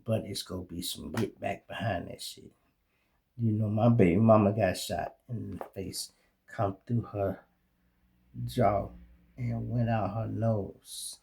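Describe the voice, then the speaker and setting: A middle-aged man with a Chicago accent hosting his own show, telling animated, streetwise stories in a casual monologue full of profanity. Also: lowish voice, slow, gravelly. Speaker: show host.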